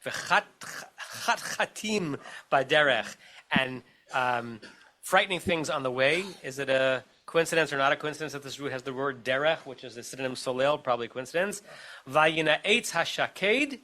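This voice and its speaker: A man's voice: medium pitch, fairly quick, pushed and bright. A man with an American accent, a rabbi teaching a text study class over a video call, explaining step by step and checking in with his listeners as he goes.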